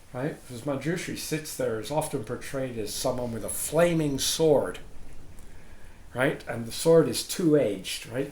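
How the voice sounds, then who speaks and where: In a roomy space with faint background noise, a dharma teacher speaks informally to a group in a medium-pitched, slightly mellow voice. He's chatty and wanders off topic, often asking "right?" to check in.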